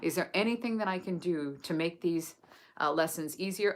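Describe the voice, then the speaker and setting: A woman from England reading a sacred text aloud and then chatting gently and effusively with viewers on a live stream. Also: fairly low pitch, animated, normal speed. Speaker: host of a live book study.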